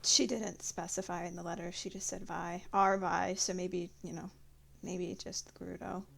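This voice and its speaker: A woman taking part in a tabletop role-playing game, talking in a loose, rambling way and often breaking into giggles. Her voice has a gravelly edge. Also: lowish voice, flat delivery, normal speed. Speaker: player. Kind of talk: in-character tabletop play.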